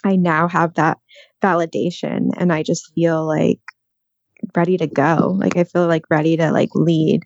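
A woman who is a guest on a casual podcast, speaking calmly and reflectively, pausing with "um" and "like". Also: sits low, gravelly. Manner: calm, reflective, halting with "um" and "like". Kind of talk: casual chat. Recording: dull, dry, lo-fi sound.

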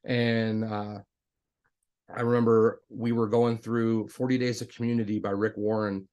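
A man telling a personal story in casual conversation, animated and talkative, acting out the dialogue in a raised voice. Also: lowish voice. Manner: self-described jokester, talkative with many restarts. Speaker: guest telling his faith story.

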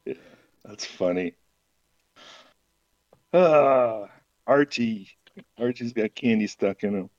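Low-voiced man with a dull, dry sound. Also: slow pace, long pauses, darkish tone. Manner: laughing, amused. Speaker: podcast co-host. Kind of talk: casual chat and reading aloud.

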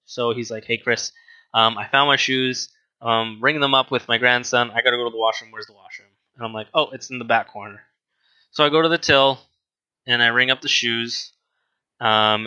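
A man's voice: medium pitch, bright, forceful tone, no echo, rough recording. A man in casual chat, telling a rambling work story with restarts and acted-out dialogue.

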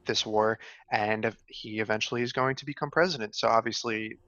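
A man's voice: on the low side, fairly even intonation, fairly quick, fairly bright tone, dull audio, slight background noise. A young man co-hosting a casual history podcast, talking things through conversationally with fillers. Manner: conversational, thinking aloud with fillers. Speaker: co-host.

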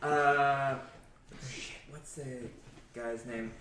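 A man's voice: mid-range voice, steady tone, drawn-out words, echoey room, far from the mic, noisy background. A man rambling in casual chat with friends, laughing and swearing.

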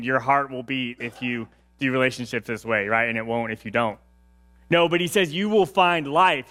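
A male pastor delivers a sermon in a conversational style, frequently checking in with his congregation. His voice is slightly high, with a fairly bright tone.

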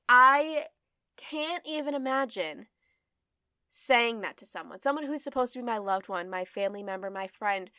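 A woman's voice: medium pitch, a bit bright, no room sound, studio quality. Blunt young woman swearing for emphasis. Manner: repeats points for emphasis. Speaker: podcast host. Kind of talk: solo podcast monologue.

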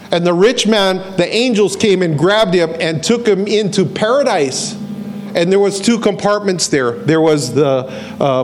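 A man preaching a sermon as a pastor, telling the story and acting out the voices of the people in it, and repeating key phrases for emphasis. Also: sits high.

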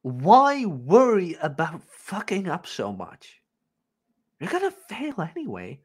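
A male podcast host in loose, casual chat. His voice sits a little high and swings widely in pitch. He is blunt and swears freely, and he acts out other people's lines as he tells stories. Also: wildly swooping pitch, takes it slowly, a little mellow, slightly rough.

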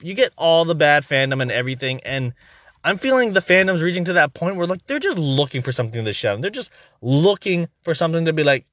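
Young man, podcast host, angry profane rant, animated pitch, fairly high voice, dry close sound. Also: no room sound. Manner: heated, profane, exasperated ranting. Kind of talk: casual ranting commentary.

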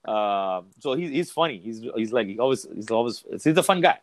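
As a guest on a podcast, a man talks in a relaxed, candid way, swearing casually and restarting sentences as he tells a story. His mid-range voice is a little fast and sounds close and dry, without any room sound.

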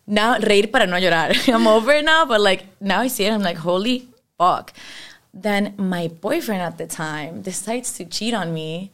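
A young Venezuelan woman, a singer-songwriter, chatting frankly as a guest and slipping between English and Spanish. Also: lowish voice. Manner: frank, switches between English and Spanish mid-sentence, swears freely. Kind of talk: casual interview chat.

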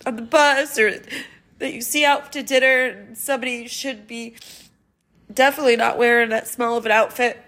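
A woman hosting a podcast, speaking in a halting, grieving personal monologue, tearful and sighing as she trails off. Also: a little high, fairly even intonation, a bit bright. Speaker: podcast host.

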